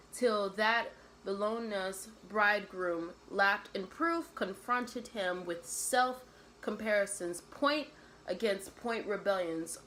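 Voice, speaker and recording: A woman's voice: mid-range voice, a bit bright, a little hiss or hum, rough recording. A young woman retelling a classic play in casual slang, mixing read verse with her own summary and often adding "right?".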